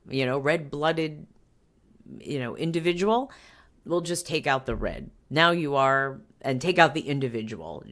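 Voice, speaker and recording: A woman's voice: very deep voice, expressive, a little slow. A woman hosting a commentary show, reading a news article aloud and breaking off for wry asides. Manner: wry asides and frequent self-interruptions.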